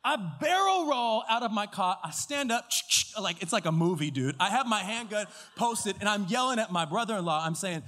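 A male pastor preaching a sermon, telling a story with acted-out dialogue and lively delivery. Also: sits high, fairly quick, hardly any pauses, long reverb tail. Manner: animated storyteller, acts out dialogue and shouts at climaxes. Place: church auditorium. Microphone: stage mic with floor monitor.

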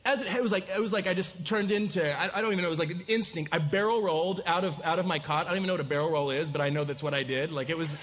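A man preaching a sermon, telling a story in a lively, casual way with many restarts. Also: on the high side, rapid-fire, hardly any pauses. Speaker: pastor. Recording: reverberant hall.

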